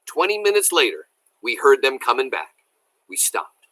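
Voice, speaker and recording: A man reading a novel aloud as a teacher, animated and enthusiastic, stopping to explain words to his listeners. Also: mid-range voice, normal speed, dry recording, low-quality recording.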